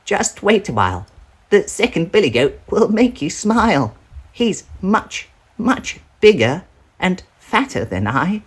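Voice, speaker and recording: A man voicing a small, timid young billy goat who pleads politely in a high, soft voice, in a storybook reading. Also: big pitch swings, measured pace, breathy edge, exaggerated voice. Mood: coaxing. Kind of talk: storybook read-aloud.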